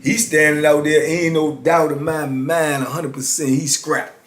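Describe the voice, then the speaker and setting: Middle-aged male storyteller, animated, acts out voices; slightly high pitch, echoey room. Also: moderate pace. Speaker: YouTube storyteller. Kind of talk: casual storytelling. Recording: roomy echo.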